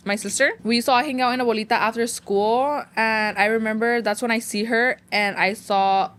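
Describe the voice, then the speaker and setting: A young woman chatting as a podcast guest, telling lively stories and switching between English and Spanish. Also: medium pitch. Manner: storytelling, mixing English and Spanish, acting out others. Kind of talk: casual interview chat.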